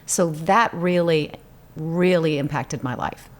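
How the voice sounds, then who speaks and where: A middle-aged woman from Louisiana with a Cajun accent, a guest telling lively stories in a casual interview. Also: takes it slowly. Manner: animated storyteller, acts out quotes with big pitch jumps.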